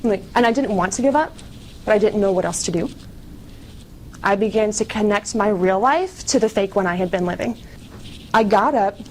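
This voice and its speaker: A young woman speaking at a conference, telling her personal testimony in an earnest, confessional way, with fast bursts and frequent "like". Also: mid-range voice, a little mellow, poor audio. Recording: faint background noise, live event.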